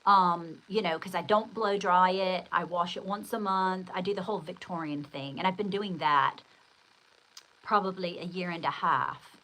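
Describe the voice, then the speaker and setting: A woman's voice: fairly low pitch, moderate pace, bright, forceful tone, poor audio. An older woman hosting a casual livestream, chatting in a rambling, exclamatory way and reading out viewer comments. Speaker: livestream host.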